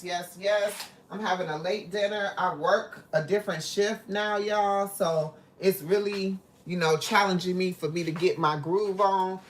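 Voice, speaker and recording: A woman with a low voice chats to her viewers while she cooks in her home kitchen, calling them "baby" and "y'all". She talks loosely and personally as she moves around the room. A faint hiss sits under the recording. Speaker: livestream host. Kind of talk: casual live cooking chat.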